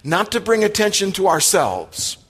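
A man's voice: high-pitched, very animated, moderate pace, fairly bright tone, slightly rough. Emphatic man preaching in a reverberant hall. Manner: emphatic, with direct questions to the congregation. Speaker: pastor. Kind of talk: sermon. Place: church sanctuary.

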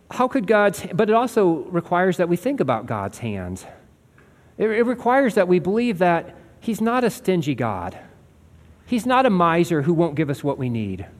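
A man's voice: high-pitched, in a large hall. A man preaching a sermon as a pastor, earnest and conversational, asking his listeners rhetorical questions.

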